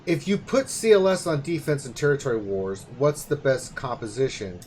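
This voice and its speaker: A man hosting a live Q&A, briskly reading out listener questions. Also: mid-range voice, sing-song, darkish tone, a little hiss or hum. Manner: brisk, reads questions out plainly.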